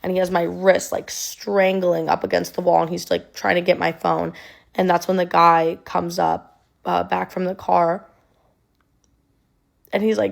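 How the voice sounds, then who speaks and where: A woman's voice: fairly low pitch, little pitch movement, normal speed, gravelly. A young woman telling a personal story in a conversational way, with many ums and likes, her voice sounding emotional and near tears.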